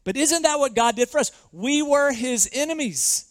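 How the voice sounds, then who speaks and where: A man with a high-pitched voice preaches a sermon, leaning hard on key words and slowing down to stress them. He keeps asking the listeners questions. The sound is close and dry, with no room echo. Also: expressive. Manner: preaching with emphatic slowed stresses and rhetorical questions. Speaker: pastor.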